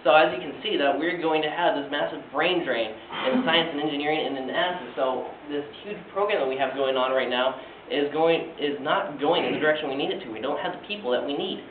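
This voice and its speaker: Recorded from far off in an echoey classroom, a student delivers an earnest speech sprinkled with filler sounds. His voice is slightly high and a little fast, with few pauses, and there's slight background noise on the tinny recording.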